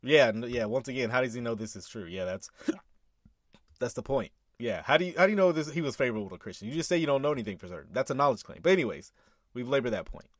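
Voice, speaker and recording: Animated man rebutting a sermon clip. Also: mid-range voice, fast, no room sound, studio quality. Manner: animated, laughing, rebutting with emphatic repeats. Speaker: commentator reacting to a sermon clip. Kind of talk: reaction commentary with scripture reading.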